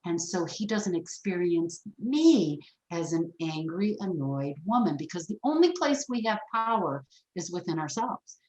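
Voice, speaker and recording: A woman guest on a podcast telling personal stories about forgiveness in a frank, animated way. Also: lowish voice, measured pace, lo-fi sound. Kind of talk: storytelling in a podcast interview. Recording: roomy echo.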